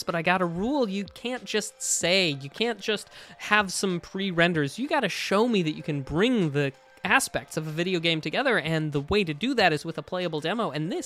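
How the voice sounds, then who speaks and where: A man co-hosting a live gaming show, chatting casually and thinking out loud at length. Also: high-pitched. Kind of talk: casual live-stream chat.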